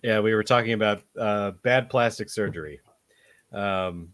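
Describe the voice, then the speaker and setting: A man hosting a casual podcast chat, animated and hesitant, with many fillers. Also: lowish voice, normal speed, no echo. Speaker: podcast host.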